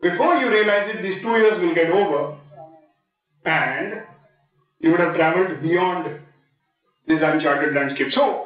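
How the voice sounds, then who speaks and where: A man's voice: a little high, a little slow, pauses often, soft background music. A middle-aged man with an Indian English accent, a guest speaker giving a playful motivational talk that quizzes and jokes with students. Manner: playful, joking, quizzing the audience. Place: large lecture hall. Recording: echoey hall, distant dull mic.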